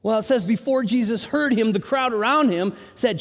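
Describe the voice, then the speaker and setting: A man preaching a sermon with animated storytelling, his voice rising into shouts when he acts out the people in the story. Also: extremely high pitch, normal speed, hardly any pauses. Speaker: pastor. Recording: long hall reverb.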